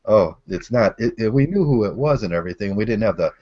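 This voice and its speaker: A man's voice: fairly low pitch, expressive, quick pace. A man hosting a casual chat, telling crude stories with frequent laughter. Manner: storytelling with laughs and crude language. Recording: dull lo-fi audio.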